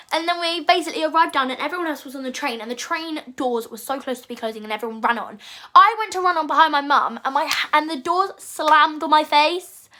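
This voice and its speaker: A young woman telling a rambling, animated storytime vlog and acting out her own panicked quotes. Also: high-pitched, brisk. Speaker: vlogger.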